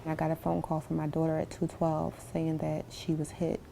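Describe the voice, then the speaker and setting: A middle-aged woman, a survivor's mother, recounting events in a measured, steady way. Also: low voice, gravelly, a little hiss or hum. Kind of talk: recounting testimony to camera.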